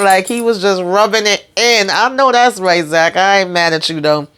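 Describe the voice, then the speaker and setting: A woman's voice: medium pitch, normal speed, hardly any pauses, a bit bright. A woman casually recapping a TV episode, retelling scenes by acting out the characters' lines, with slangy asides and frequent laughter.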